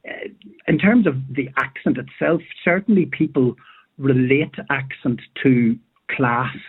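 A Northern Irish man talks as a guest on a radio discussion, his husky voice heard through a narrow, phone-like band. He speaks thoughtfully and haltingly, with plenty of fillers and restarts. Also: mid-range voice, animated. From Northern Ireland. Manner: thoughtful, hesitant, many fillers. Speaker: radio guest, drama tutor.

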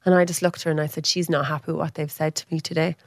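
A woman's voice: little pitch movement, rapid-fire, dry recording, studio quality. A woman, chatting as a guest and telling a personal story, acting out what people said with big jumps in her voice. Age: 30s. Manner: chatty, acts out quoted speech with big pitch jumps. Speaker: podcast guest. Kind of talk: casual storytelling.

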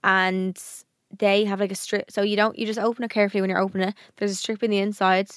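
Fast-talking woman podcaster. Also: mid-range voice, level tone, no room sound, studio quality. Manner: chatty, reads sponsor lines. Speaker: podcast co-host. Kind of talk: casual chat.

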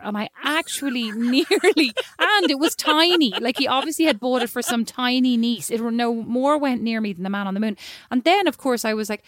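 An Irish woman co-hosting a podcast, telling stories in a casual, animated and self-mocking way. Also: on the high side, dry recording, studio quality. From Ireland. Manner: animated, self-mocking, quotes people in voices. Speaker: podcast co-host. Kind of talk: casual storytelling chat.

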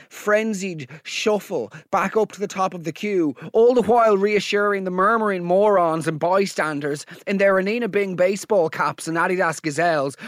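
A man's voice: sits high, dry recording, studio quality. A man hosting a comedy podcast, telling exasperated, sarcastic stories. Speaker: podcast host. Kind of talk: comedic rant monologue.

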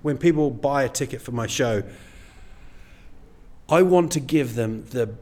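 Middle-aged male comedian, casual guest chat, meandering, full of "you know", mid-pitched voice. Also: measured pace, darkish tone. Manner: rambling, self-deprecating, many "you know"s.

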